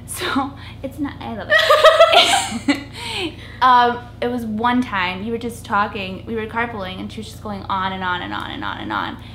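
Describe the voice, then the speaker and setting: Giggly young woman with a lively voice. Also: mid-range voice, moderate pace. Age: young adult. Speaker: guest, best friend. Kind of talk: casual chat with a friend. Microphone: camera mic. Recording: echoey room with faint noise.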